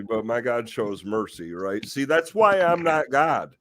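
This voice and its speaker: A man's voice: medium pitch, animated, slow, fairly bright tone. A man hosting a casual talk stream, ranting in exasperation with rhetorical questions and the odd curse. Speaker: host of a live talk stream.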